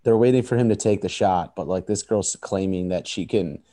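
Low, easygoing guy tossing in unsure asides on a podcast. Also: moderate pace, dark tone. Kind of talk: casual crude banter.

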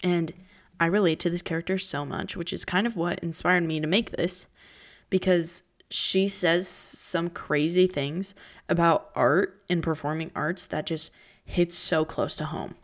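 A young woman talks through her own podcast in loose, casual chat, with a slightly low voice. She is chatty and dramatic, jumping between pitches and dropping into whispers. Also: steady tone, a little slow. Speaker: podcast host.

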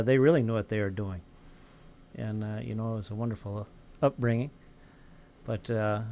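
Male guest, mid-pitched, calm and advice-giving, relaxed. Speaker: guest mentor. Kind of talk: casual round-table talk.

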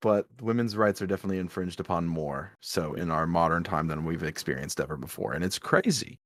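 Low-voiced and animated, this man talks a little fast as he co-hosts a casual podcast chat over drinks. He's earnest, yet stumbles through many ums and restarts on his podcast mic.

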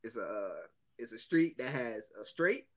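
Guy on a podcast, bright lively voice, laughing thru his stories. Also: mid-range voice, normal speed. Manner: animated storytelling, laughing often. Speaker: podcast co-host. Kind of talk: casual banter.

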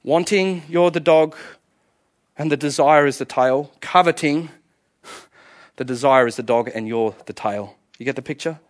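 A man in his forties delivers a sermon in a high, light voice. He is animated and humorous, playing out little dialogues with himself. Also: moderate pace. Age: 40s. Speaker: pastor.

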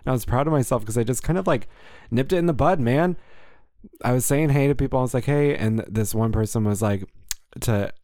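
A man co-hosting a casual podcast, joking and telling stories in an animated way. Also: medium pitch, a little fast, no room sound, clean studio sound. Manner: animated storyteller, jokey, acts out quotes. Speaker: podcast co-host.

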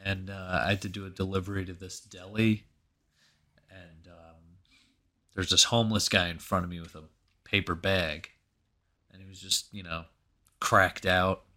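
A man's voice: sits low, level tone, normal speed, long pauses, pushed and bright. A man casually telling a rambling, profane anecdote as a podcast co-host. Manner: rambling, profane, laughing often. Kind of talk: casual storytelling.

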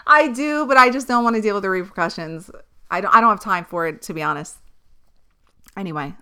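A woman's voice: medium pitch, moderate pace, pauses often, sharp tone, smooth. A young woman hosting a podcast, telling a personal story in a candid, exasperated way, swearing and laughing often. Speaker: podcast host. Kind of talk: casual storytelling monologue.

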